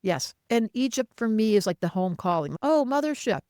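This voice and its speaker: A woman astrologer talking as a guest in a casual interview, animated and emphatic, speaking in quick bursts. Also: medium pitch, no room sound, studio quality.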